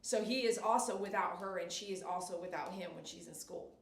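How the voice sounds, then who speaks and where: A woman's voice: fairly low pitch, fairly quick, vocal fry, distant mic, a little hiss or hum. A middle-aged woman dog groomer chatting on a live stream in her salon, giving emphatic, repetitive advice and coaxing a dog. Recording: echoey room, voice off-mic.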